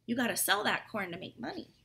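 Bright, lively teacher reading to kids. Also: female voice, a little high, fast talker, gravelly. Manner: chatty and explanatory, asks questions of young children. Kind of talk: reading a story aloud and explaining words to young children.

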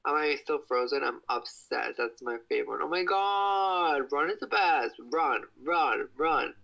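Speaking at normal speed with a creaky voice, a young man chats on a livestream from his kitchen at home, phone held out at arm's length. The recording is rough, and he gushes excitedly, now and then letting out high squeals.

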